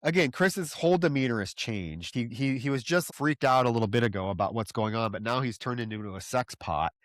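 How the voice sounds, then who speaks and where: A man co-hosts a horror podcast and recaps the plot in an exasperated, profane, casual way. His voice sits at an ordinary male pitch. The recording is dry and close. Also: a little fast, no echo. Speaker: podcast co-host.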